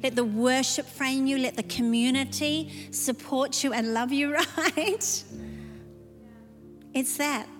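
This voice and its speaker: High-voiced woman preaching in a hall. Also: takes it slowly. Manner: emphatic, repeats phrases for effect. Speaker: pastor. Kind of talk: sermon. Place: large church hall. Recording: long hall reverb, soft music behind.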